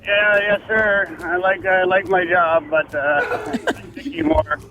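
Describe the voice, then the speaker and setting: A male truck driver calls into a radio show from his cab in traffic. He is easygoing and laughs often, and his voice sits unusually high for a man. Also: expressive, takes it slowly, vocal fry, music in the background, low-quality recording. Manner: laid-back, laughs easily. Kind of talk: phone-in call.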